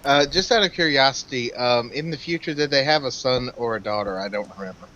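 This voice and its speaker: A man playing a tabletop game and chatting casually in a lively, easygoing way. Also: medium pitch, a little fast, lo-fi sound, slight background noise. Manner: lively, laughs easily. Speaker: player.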